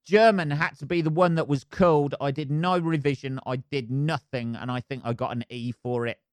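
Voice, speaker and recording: A man's voice: mid-range voice, steady tone, moderate pace, clear, resonant tone, no room sound. A man from England talking on his own podcast, rambling and swearing, mocking himself as he goes. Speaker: podcast host. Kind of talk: casual solo monologue.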